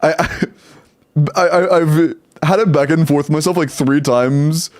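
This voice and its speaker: A man's voice: on the high side, measured pace, darkish tone. A young man live-streaming, chatting casually, rattling off game stats and laughing often.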